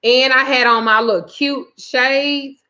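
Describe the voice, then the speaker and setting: A woman's voice: sits high, fairly even intonation, measured pace, bright, forceful tone, muffled recording. A woman who does spiritual readings and root work, telling a profane, exasperated story in a casual livestream and greeting viewers by name. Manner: reads viewer names aloud. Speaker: spiritual reader and root worker.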